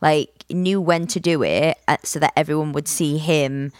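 A woman's voice: low voice, steady tone, normal speed, no room sound, studio quality. A woman co-hosting a podcast, sharing a similar experience and reacting with sympathy. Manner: sympathetic, reacting with short interjections. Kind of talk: casual podcast conversation.

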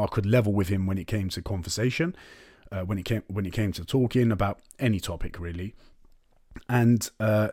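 A young podcast host tells a personal story in a casual monologue, candid and chatty, swearing and dropping "innit, man." His voice sits on the low side with a darkish tone and a breathy edge. The recording is dry and studio-clean.

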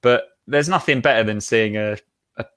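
A man co-hosting a casual football podcast, speaking in an animated, opinionated way with frequent restarts. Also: mid-range voice, moderate pace. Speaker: podcast co-host.

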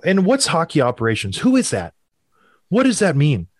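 Canadian guy ribbing his cohost, lively ups and downs, slightly high voice, dry close mic. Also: normal speed, slightly rough, dry recording. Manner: animated, teasing, mock-outraged. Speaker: podcast co-host. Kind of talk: casual sports chat.

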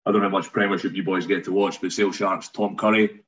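A man's voice: low voice, flat delivery, quick pace, a bit bright, muffled recording. A man, a rugby commentator guest, chatting casually on a podcast, telling stories with frequent ums and restarts. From Scotland.

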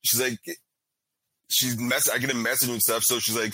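Young male co-host, husky and bright, loose profane storyteller. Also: medium pitch, fairly quick, no room sound, poor audio. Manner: animated, profane storytelling full of fillers. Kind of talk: casual chat.

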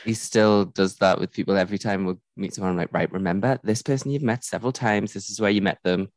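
Young male podcast co-host, chatty and easily amused, lowish voice. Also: steady tone, fast talker, no echo. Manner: chatty, laughs often, reminiscing. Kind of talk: casual chat.

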